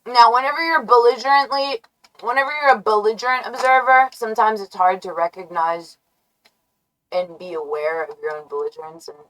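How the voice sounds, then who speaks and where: A woman's voice: a little high, a little fast, a bit bright, low-quality recording. A woman live streamer rambling in a brash, taunting, profane way. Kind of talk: rambling livestream rant.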